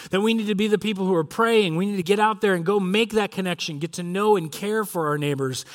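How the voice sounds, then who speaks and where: A male pastor preaching a sermon in an earnest, emphatic way, drawing out key phrases. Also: high voice.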